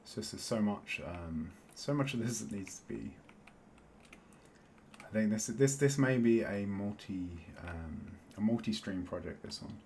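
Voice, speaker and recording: A man's voice: lowish voice, a little slow, darkish tone, slight background noise. A man streaming a building game, thinking aloud as he works. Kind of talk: casual gameplay commentary.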